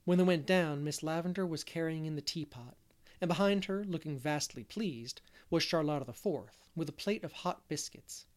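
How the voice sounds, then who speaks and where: A man reading a classic novel aloud as narrator, gentle and unhurried, with the odd stumble. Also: on the high side. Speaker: audiobook reader. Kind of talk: storybook narration.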